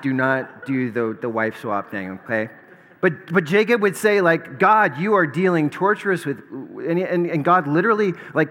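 A man's voice: mid-range voice, fairly bright tone. A man preaching in a reverberant hall. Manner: conversational preaching with asides and humor. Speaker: pastor. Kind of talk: sermon.

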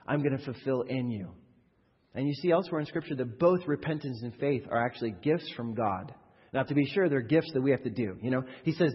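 A man's voice: mid-range voice, animated, brisk, husky. Male pastor, sermon, conversational and building in fervor, long hall reverb, dull lo-fi sound. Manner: conversational, rising in fervor, rhetorical questions.

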